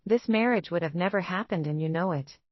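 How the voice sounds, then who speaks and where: A man's voice: sits high, a little fast, no echo, highs cut off. A woman reading the part of a cold, angry young male executive who scolds his wife harshly. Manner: harsh, scornful, commanding.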